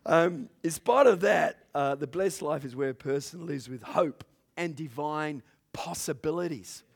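A male pastor preaching a sermon, his voice sitting a little high for a man. He swings from loud, drawn-out calls to hushed storytelling and laughs at his own jokes. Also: gravelly, breathy edge. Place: church in front of a congregation.

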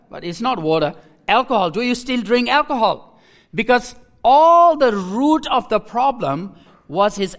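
In a high, fairly bright voice, a man delivers a personal testimony as a sermon. He is emotional and halting, restarting sentences and saying phrases again.

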